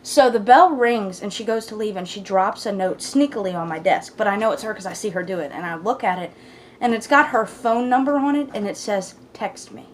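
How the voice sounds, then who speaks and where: A young woman casually telling a personal story to the camera in a blunt, profane way, swinging between loud asides and hushed whispers. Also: mid-range voice, a little fast, slight background noise. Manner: blunt, profane, talks with lots of fillers.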